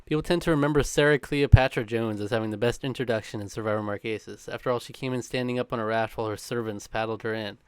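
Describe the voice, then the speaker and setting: Brisk man reading a countdown. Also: mid-range voice, fairly even intonation, darkish tone, clear, resonant tone, no echo. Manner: brisk, chuckling between lines. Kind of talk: scripted read with casual chat.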